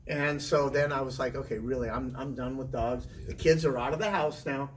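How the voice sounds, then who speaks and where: A middle-aged man, a former teacher, telling a long casual story to interviewers, chatty and animated, swearing now and then. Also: medium pitch, brisk. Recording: distant mic with faint room noise.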